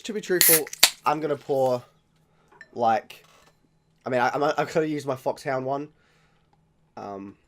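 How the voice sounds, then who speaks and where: A young Australian man whose voice sits on the high side hosts a beer-tasting vlog, with slight background noise in the clip. He talks casually and rambles, correcting himself frequently as he tastes.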